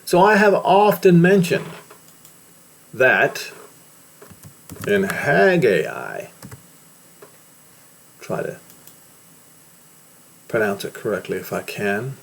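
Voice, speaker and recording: An American man delivers a preaching-style commentary, his pitch sitting in an ordinary middle range. He speaks with emphasis and now and then builds up to forceful declarations. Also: sing-song, very slow, creaky, pauses often, slight background noise. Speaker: religious commentator. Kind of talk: preaching commentary on news and scripture.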